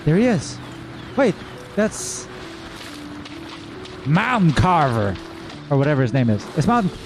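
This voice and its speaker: A man's voice: a little high, sing-song, a little slow. A man chatting casually and enthusiastically while streaming a video game, rambling from one thought to the next. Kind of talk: casual gameplay commentary. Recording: game music faintly behind.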